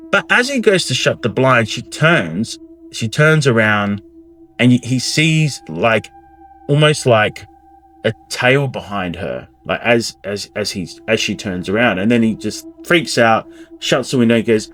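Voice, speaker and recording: A man's voice: medium pitch, expressive, measured pace, fairly bright tone. Rambling male storyteller. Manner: rambling, many restarts and asides. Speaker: storyteller, channel host. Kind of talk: casual spoken storytelling of a myth.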